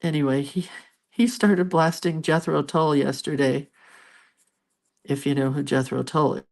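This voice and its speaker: Soft-spoken older woman chatting while she colors. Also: sits low, fairly even intonation, measured pace, vocal fry. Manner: rambling, chatty storytelling; soft, murmured asides. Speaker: art vlogger. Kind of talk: casual chat while coloring.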